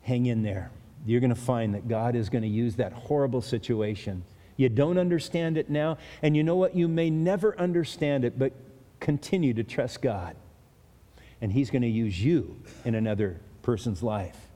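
Long hall reverb surrounds a pastor whose mid-range voice has a dark tone and moderate pace. Earnest and conversational, he delivers an expository sermon addressed directly to his audience.

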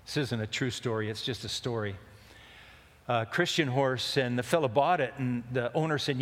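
This preacher talks at an ordinary speed with a medium-pitched voice, wandering through a joking anecdote in a down-home way. The sermon carries long hall reverb.

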